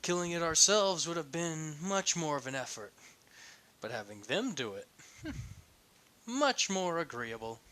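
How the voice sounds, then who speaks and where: A scheming villain who sounds pleased with himself, voiced by a man reading a fan story aloud. He speaks slowly and calmly, and his tone is bright and forceful. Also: on the high side, pitched above the performer's own voice, exaggerated voice, poor audio. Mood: smug.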